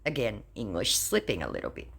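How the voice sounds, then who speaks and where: A woman's voice: rumbling low, huge pitch swings, a little fast, gravelly, fairly bright tone, slightly rough. A woman narrating her chats with scammers in a dry, sarcastic, casual way. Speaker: scam-baiting video creator. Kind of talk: casual narration reading chat logs.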